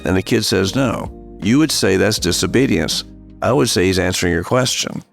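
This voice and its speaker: A man's voice: sits low, moderate pace, gravelly, faint music behind. A man hosting a parenting podcast, explaining patiently at a studio microphone and checking that his listeners follow. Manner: patient, asks rhetorical check-in questions. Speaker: parenting author and podcast host. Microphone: studio microphone at a table.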